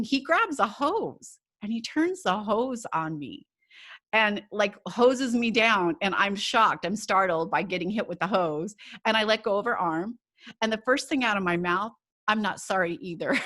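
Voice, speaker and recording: A woman's voice: medium pitch, a bit bright. A middle-aged woman hosting a solo podcast, telling a personal story in a chatty way with laughs. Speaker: podcast host.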